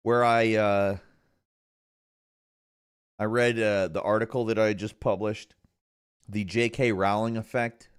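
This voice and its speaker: A man's voice: on the low side, level tone, slow pace, pauses often, clear, resonant tone. A man hosting a live stream, chatting casually in a rambling way with lots of restarts. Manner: rambling, hesitant, many restarts. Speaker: streamer host.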